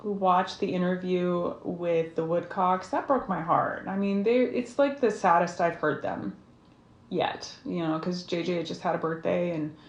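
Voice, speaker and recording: A woman's voice: on the low side, a little slow, highs cut off. A middle-aged woman hosting a casual vlog, frank and heated, swearing freely and rambling through asides. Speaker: numerology and tarot channel host. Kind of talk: casual vlog talk to viewers. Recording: echoey room.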